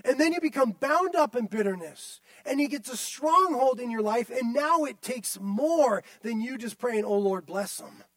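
High-voiced man preaching emphatically. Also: lively intonation, moderate pace, hardly any pauses, a bit bright, no echo. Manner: emphatic, repetitive preaching with direct address. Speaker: pastor. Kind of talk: sermon.

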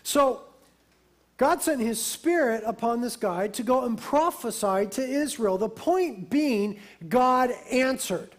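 High-voiced man preaching a sermon. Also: slow pace. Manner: lively, emphatic preaching with a conversational aside. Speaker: pastor.

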